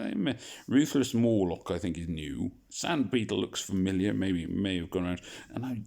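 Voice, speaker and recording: Chatty guy playing a mobile game, low voice, goofy asides about his own bad accents. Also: creaky, darkish tone. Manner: rambling, jokey, self-deprecating. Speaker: gaming video host. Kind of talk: casual game commentary.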